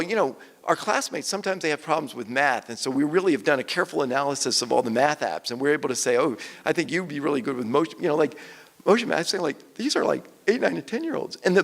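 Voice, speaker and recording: An older man, an author and guest speaker, telling stories on stage and quoting people in lively voices. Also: fairly high pitch, gravelly. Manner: animated storyteller, quotes people in lively voices. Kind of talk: conversational stage talk. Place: event hall with audience. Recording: long hall reverb.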